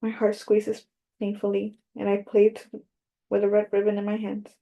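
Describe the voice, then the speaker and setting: A woman narrates a first-person audiobook in a measured, even reading. Her voice is dark and mellow, and the melody stays flat from line to line. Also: mid-range voice, creaky.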